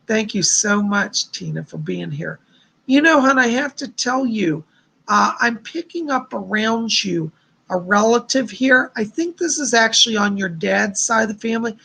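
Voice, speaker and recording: This is a man running a live psychic reading session, warmly relaying messages to viewers one after another. His voice carries a gravelly crackle and a breathy, husky texture. He talks in an effusive, rambling way, full of thanks and blessings. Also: high voice, animated, moderate pace. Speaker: psychic host.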